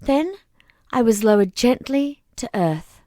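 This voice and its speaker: Brief: woman audiobook reader, unhurried and animated, slightly high, dry close sound. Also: no echo. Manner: slow, expressive narration. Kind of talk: reading a novel aloud.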